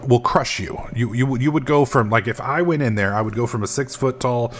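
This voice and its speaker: A man's voice: mid-range voice, fairly quick. A man casually commenting on his gameplay, rambling and swearing as he goes. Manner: rambling, profane, self-mocking. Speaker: gaming video host.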